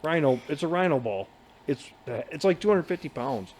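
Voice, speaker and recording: A man's voice: on the high side, lively intonation, moderate pace, darkish tone, a little hiss or hum. A man co-hosting a casual podcast, telling a long story in a rambling, profane way and laughing as he goes. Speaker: podcast co-host. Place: bar.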